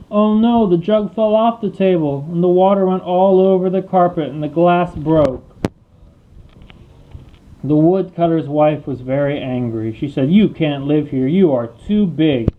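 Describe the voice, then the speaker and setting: A man reading a children's storybook aloud, clear and expressive. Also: fairly high pitch, measured pace, phone-quality sound, a little hiss or hum. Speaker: storybook reader.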